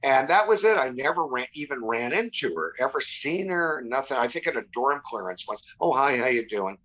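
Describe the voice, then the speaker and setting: A man's voice: mid-range voice, very animated, fairly quick, bright, forceful tone, poor audio. A man in his sixties, a podcast guest, talking in a rambling way full of restarts and asides. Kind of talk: casual chat.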